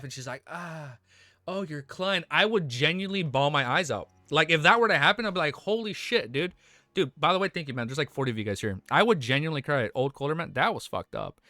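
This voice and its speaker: A man's voice: on the high side, bright, forceful tone, dry recording, studio quality. Emotional young man streaming a novel read. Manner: emotional, swearing, slang-heavy, trips over words. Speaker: streamer reading a web novel aloud. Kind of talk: live reaction stream, reading aloud and commenting.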